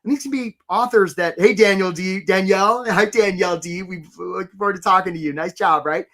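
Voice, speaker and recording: A man coaching job seekers on a live webinar, animated and casual, often stopping to greet attendees by name. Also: sits high, a little fast. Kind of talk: energetic live webinar talk.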